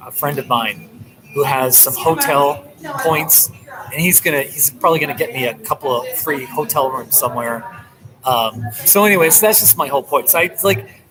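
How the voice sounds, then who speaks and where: A man's voice: on the high side, poor audio. A man live streaming from a coffee shop, chatting casually and animatedly with his viewers and laughing often. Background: music playing.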